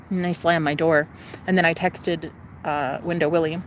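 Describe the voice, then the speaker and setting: Animated, profane young woman storyteller. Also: deep voice, moderate pace, a little hiss or hum. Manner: animated, profane, jumps between voices. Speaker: vlogger telling a personal story. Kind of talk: casual storytime.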